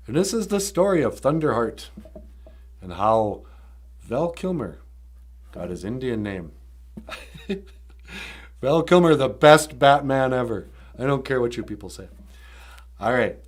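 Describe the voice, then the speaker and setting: A man's voice: mid-range voice, sing-song, measured pace, long pauses. A man hosting a live stream, casually retelling a story with jokes and lots of fillers. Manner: rambling, joking, many fillers.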